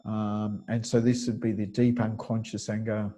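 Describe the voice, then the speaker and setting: A man's voice: lowish voice, level tone, normal speed, warm tone, low-quality recording. Man lecturing on a webinar call. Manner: thinking aloud with fillers, explanatory. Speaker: kinesiology teacher.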